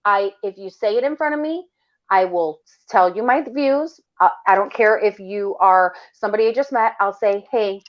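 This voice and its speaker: A woman's voice: medium pitch, normal speed. Female podcast co-host, casual and blunt, passionate, muffled lo-fi recording. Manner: blunt, impassioned, swears freely. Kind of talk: casual chat.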